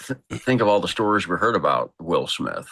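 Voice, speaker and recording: Low-voiced blunt man in casual chat. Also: big pitch swings, creaky, pushed and bright, breathy edge. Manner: blunt, crude opinions, quick asides. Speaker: livestream guest.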